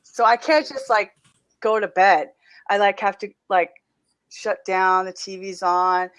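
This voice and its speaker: Middle-aged woman guest, animated storyteller, laughs a lot, casual podcast chat. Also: mid-range voice, a little slow, smooth.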